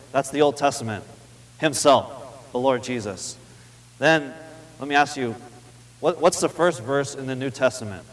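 A man giving a sermon in a conversational way, repeating key phrases for emphasis and reading scripture slowly. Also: medium pitch. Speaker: preacher. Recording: long hall reverb.

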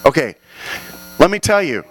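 A man preaching an animated sermon to a congregation, often building to loud, fervent exhortations. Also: on the high side, normal speed, slight background noise, poor audio.

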